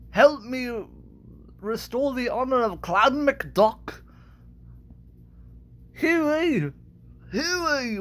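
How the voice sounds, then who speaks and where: A stingy old duck uncle barking orders in a raised, high voice, as a man puts him on. He tries for a Scottish lilt, and his words come out slow and swinging. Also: exaggerated voice. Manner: raised bossy calling, attempted Scottish accent.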